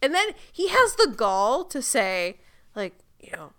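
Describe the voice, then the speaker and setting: A woman recapping a TV episode on a podcast, with a bright, somewhat high voice that stays smooth and clear. She talks emphatically, swears freely and throws herself into acting out the characters' lines. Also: sing-song, a little slow. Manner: emphatic, swears, acts out quoted dialogue. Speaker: podcast co-host. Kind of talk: casual TV recap chat.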